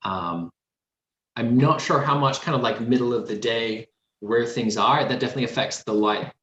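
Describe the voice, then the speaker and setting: A man with a softened city Australian accent, a guest art instructor answering live questions with meandering, thoughtful explanations full of fillers. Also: mid-range voice, moderate pace, echoey room, muffled recording, a little hiss or hum. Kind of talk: live painting demo Q&A.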